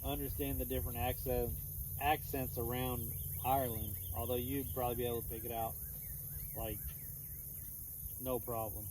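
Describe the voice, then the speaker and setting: A man's voice: mid-range voice, little pitch movement, normal speed, long pauses, noisy background. Easygoing Texan man chatting outdoors. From Texas. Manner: rambling, easygoing, with many restarts. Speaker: streamer answering chat. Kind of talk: casual chat. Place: outdoors in the countryside. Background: crickets and insects chirping faintly.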